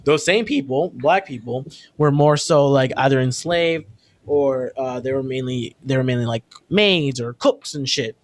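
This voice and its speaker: A man's voice: medium pitch, unhurried, no echo. A man in his twenties co-hosting a podcast in casual chat, rambling loosely, swearing freely and laughing often. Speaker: podcast co-host.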